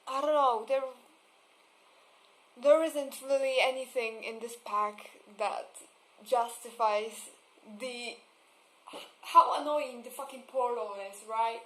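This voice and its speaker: Slow-talking young woman ranting casually. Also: high-pitched, fairly bright tone, low-quality recording. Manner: swearing, laughing, exasperated asides; mocks voices with exaggerated vocal fry. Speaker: vlogger.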